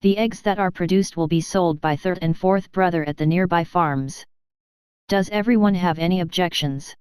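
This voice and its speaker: A woman voicing an earnest, slightly sheepish middle-aged father in a read-aloud story, speaking deliberately. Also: fairly low pitch, darkish tone, clear, resonant tone, dry recording, lightly acted. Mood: announcing.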